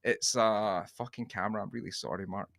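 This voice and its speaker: Bright-voiced rambling Scottish man. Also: fairly low pitch, steady tone, fairly quick, creaky, no echo, studio quality. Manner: rambling and sweary, with many restarts. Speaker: podcast co-host. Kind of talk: casual chat.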